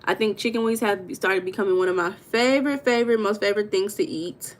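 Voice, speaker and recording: A woman's voice: medium pitch, quick pace. Chatty young woman livestreaming. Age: young adult. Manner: chatty, greets viewers by name, animated storytelling. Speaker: livestream host. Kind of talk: casual livestream chat.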